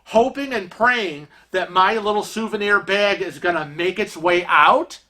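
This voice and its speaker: A man's voice: sits high, unhurried, sharp tone. A man doing a blunt, fed-up guy. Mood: exasperated. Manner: indignant, snapping back. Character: blunt, impatient grown man, exasperated.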